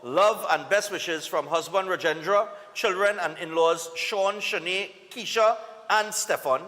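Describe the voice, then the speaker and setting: Animateur trinidadien à la voix claire et aiguë. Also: male voice, sits high, unhurried, pushed and bright, in a large hall. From Trinidad and Tobago. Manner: casual, upbeat, reads greetings with local slang. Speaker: morning show host. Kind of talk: live TV greetings segment.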